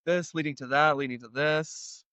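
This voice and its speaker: A young Canadian man tells a story in a relaxed, chatty way and slips into other people's voices as he goes. His voice sits a bit high for a man and sounds smooth and crisp. It is recorded close and dry, with a slightly dull tone. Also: normal speed, no room sound. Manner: animated, acts out others' voices in quotes. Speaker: guest. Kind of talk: casual storytelling.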